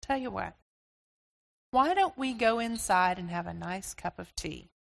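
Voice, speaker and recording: A woman voicing a gentle, patient God. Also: medium pitch, animated, gravelly, long reverb tail. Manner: soft, unhurried, reassuring. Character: gentle patient male God, calm and kind.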